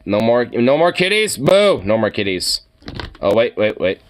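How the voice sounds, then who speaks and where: A man streaming casually, reacting to cat pictures with excitable gushing and casual swearing. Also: lowish voice, moderate pace. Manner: excitable, gushing over cats, casually profane.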